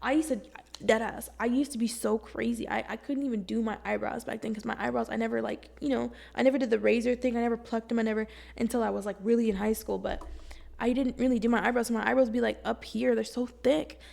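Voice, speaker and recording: A young woman vlogging from home, giving casual self-help talk to camera in a blunt, slangy, profane and animated way. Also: a little high, fast talker, gravelly.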